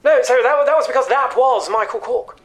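Someone doing a stammery fast-talking hypnotist guy, touchy, swearing, comedy sketch. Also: medium pitch, lightly acted. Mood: indignant. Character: irate male stage hypnotist, touchy and full of himself.

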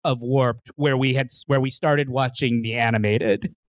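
A man's voice: mid-range voice, steady tone, normal speed. A man hosting a casual podcast, teasing his co-hosts with dry jokes and mock critiques. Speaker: podcast host.

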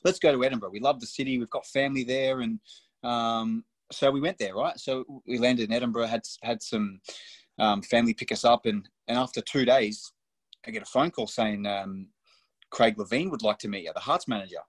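A man's voice: medium pitch, fairly even intonation, fairly quick, no echo. A young man from Australia, a guest on a podcast, telling stories in loose, blunt, swearing chat. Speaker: podcast guest, professional footballer. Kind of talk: casual storytelling chat.

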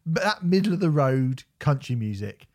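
A man tearing into an album in casual podcast chat, swearing freely. His pitch swings widely as he rants. The delivery is loose and animated. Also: moderate pace. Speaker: podcast co-host.

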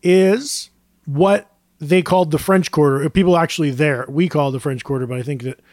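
A man co-hosting a casual podcast chat, with a voice pitched well above most men's. The recording is dry and close, with no room sound around him. He talks in a jokey, rambling way, filling gaps with ums and uhs. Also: normal speed, darkish tone, dry recording. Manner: jokey, rambling, with frequent fillers. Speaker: podcast co-host presenting the drink.

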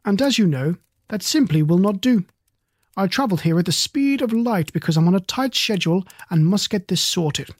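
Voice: mid-range voice, expressive, normal speed, dry recording, lightly acted. A fussy, courteous old star-keeper, voiced by a storyteller, portly and easily flustered. He talks politely and reaches for fancy words. The sound is close and dry.

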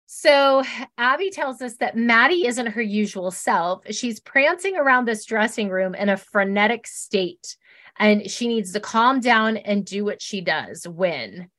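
A woman co-hosting a podcast, chatting casually and telling the story in an animated way. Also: unhurried. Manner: animated storytelling, mimics others in high voices. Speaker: podcast co-host recapping a reality show. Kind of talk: casual chat.

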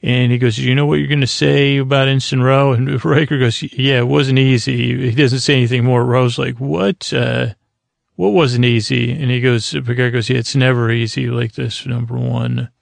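Male podcast host, very gravelly and monotone, halting, filler-heavy recap read from notes, dry close sound. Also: medium pitch, no echo. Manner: halting, many fillers, loses his place. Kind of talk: casual episode recap from notes.

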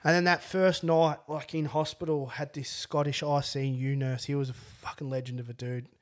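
A man's voice: fairly high pitch, little pitch movement, moderate pace. A young Australian man in a podcast interview, telling a long story in casual chat, rambling with restarts and swearing freely. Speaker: podcast guest.

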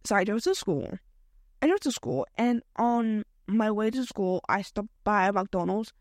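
A woman's voice: mid-range voice, measured pace, no room sound. Chatty young woman, dry close sound. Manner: chatty, slangy and expressive, jumping between topics. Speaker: podcast host. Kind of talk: casual solo podcast chat.

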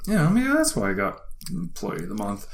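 Animated man telling a crude funny story. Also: lowish voice, a little fast, background noise. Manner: animated, swears often, laughs through the telling. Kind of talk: casual comedic storytelling.

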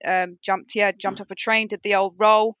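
A woman on a podcast panel, telling lively stories in casual chat and acting out her relatives with a laugh. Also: medium pitch, normal speed, dry recording, lo-fi sound. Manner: animated storyteller, laughs often, mimics relatives.

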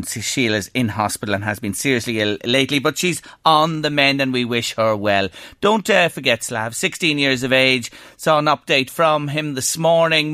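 A man's voice: mid-range voice, pushed and bright, no room sound, clean studio sound. An Irish man presenting an afternoon radio show, chatty and upbeat. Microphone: studio mic.

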